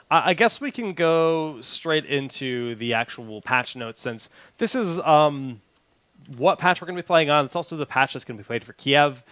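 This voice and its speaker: A man's voice: medium pitch, fairly bright tone, dry recording. A man hosting a casual podcast chat, joking and easygoing. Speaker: podcast host.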